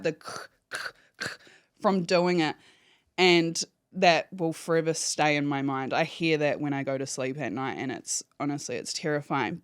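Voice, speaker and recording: Speaking as a podcast guest, a woman with a lowish voice shares an emotional story with real candor, cursing freely and voicing phone calls as quotes. The recording is dry and studio quality.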